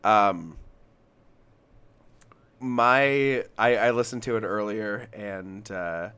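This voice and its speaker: A man's voice: fairly low pitch, extremely slow, a bit bright, smooth. A young man from Alabama, a podcast co-host in casual music chat, who rambles, reads passages aloud and restarts his sentences often.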